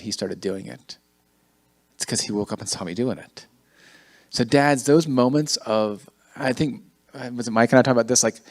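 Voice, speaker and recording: A man in his forties leading a men's ministry gathering, talking in a sincere, self-deprecating way. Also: medium pitch. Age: 40s. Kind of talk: casual group talk.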